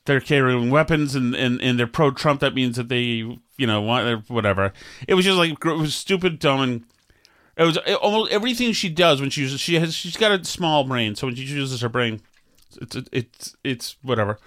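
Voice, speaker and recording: A man's voice: fairly high pitch, a bit bright, no room sound, clean studio sound. A man co-hosting a podcast in casual banter, sarcastic and rambling, with stammered restarts. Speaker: podcast co-host.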